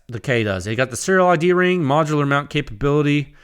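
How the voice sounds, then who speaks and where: A man hosting a solo podcast, talking in an excitable, rambling way with many restarts. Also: fairly high pitch, fast talker, clear, resonant tone. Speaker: podcast host.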